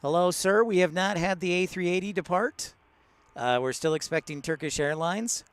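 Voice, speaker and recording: A plane spotter hosts a casual live stream from outdoors at a large airport, chatting with viewers, greeting them by name and laughing often. His voice sits high, with a clean tone and a moderate pace.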